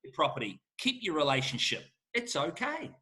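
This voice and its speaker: A man's voice: fairly high pitch, wildly swooping pitch, normal speed, bright, forceful tone. A middle-aged man, answering questions as an auctioneer in an emphatic, fired-up salesman manner. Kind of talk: lively Q&A answers.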